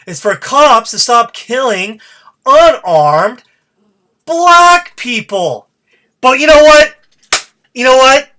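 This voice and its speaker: A man rants alone into his podcast mic, swearing freely and working himself into a fired-up state. His voice has a bright, cutting edge throughout. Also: very high voice, lively intonation, slow, long pauses. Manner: fired-up, profane, ranting. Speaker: podcast host. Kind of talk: solo podcast rant.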